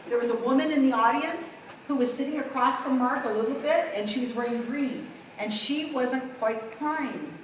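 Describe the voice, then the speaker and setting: A middle-aged woman giving a workshop talk, telling a story with lively, acted-out quotes. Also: sits high, moderate pace, slight background noise. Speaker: workshop presenter. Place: conference room. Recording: echoey room from far off.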